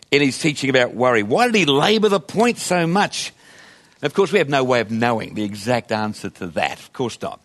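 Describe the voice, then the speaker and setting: A man's voice: a little high, fairly bright tone. A male pastor preaching a sermon in a conversational, emphatic way, asking his listeners rhetorical questions.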